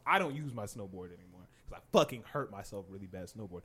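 A man's voice: lowish voice, lively intonation, quick pace, pushed and bright, breathy edge. A young man in casual chat with friends, retelling a story with a lot of swearing and frequent laughter.

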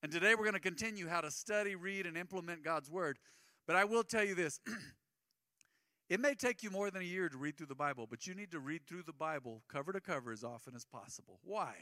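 A man's voice: on the high side, animated, brisk, sharp tone, dry recording, clean studio sound. A man preaching a sermon as pastor, conversational and acting out the people he quotes.

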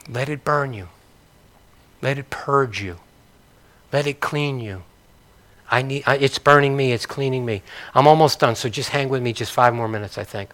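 An older man preaching a sermon in a conversational way, asking the congregation questions and swinging between loud bursts and soft, quiet passages. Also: mid-range voice. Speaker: pastor.

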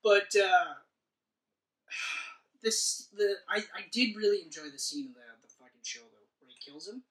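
A man's voice: high-pitched, measured pace, a bit bright. A man co-hosting a casual movie chat, rambling and profane, acting out scenes as he retells them. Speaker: podcast co-host. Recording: echoey room, mic at a distance.

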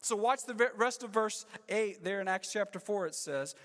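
High-voiced man preaching in a reverberant church. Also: normal speed. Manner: dramatic, shifts between loud emphasis and hushed lows. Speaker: pastor. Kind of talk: sermon. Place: church sanctuary.

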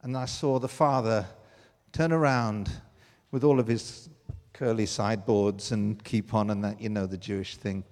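An older man preaching a sermon, telling personal stories with emotion that swings from loud to hushed. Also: fairly low pitch, fairly even intonation, moderate pace, in a large hall.

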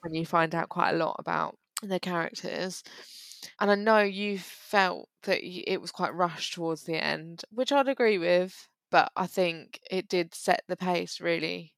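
Co-host: young woman, low gravelly voice, eager fan, laughs easily, dry close sound. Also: no echo. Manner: enthusiastic, gushing, quick to laugh. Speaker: podcast co-host. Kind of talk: casual chat.

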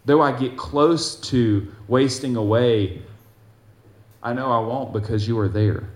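Male preacher, mid-pitched, earnest sermon delivery, swings between bold scripture reading and quiet asides, roomy echo. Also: unhurried.

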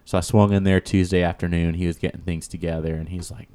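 A man's voice: deep voice, fairly even intonation, fast talker, few pauses, mellow, smooth. A man casually telling a rambling fishing story in a chat, full of fillers and quoted dialogue.

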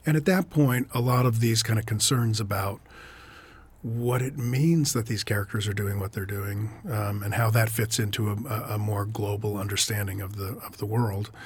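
An author and editor, appearing as an interview guest, answers questions thoughtfully in a somewhat low, steady voice with a breathy edge. He talks at normal speed but sounds hesitant, with lots of fillers and restarts.

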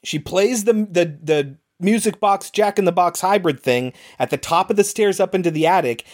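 A podcast co-host giving a casual, animated recap of a horror film's plot, swearing now and then. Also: medium pitch, moderate pace. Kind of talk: casual movie recap chat.

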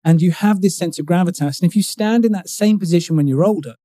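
A man's voice: sits high, quick pace, warm tone, no room sound, clean studio sound. A middle-aged man, a guest in an interview, explaining ideas expressively and stressing key words. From United Kingdom. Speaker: guest, communication coach. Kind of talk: conversational interview.

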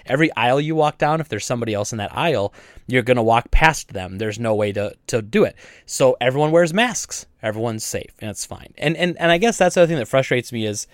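A man co-hosting a podcast, ranting in a casual, animated and exasperated way about store customers. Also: mid-range voice, fast talker, no echo, studio quality. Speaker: podcast co-host and store owner.

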